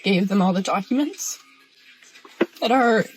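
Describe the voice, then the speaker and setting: A woman in a tearful, halting, emotional confessional vlog. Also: mid-range voice, expressive, soft background music, low-quality recording. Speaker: social media poster.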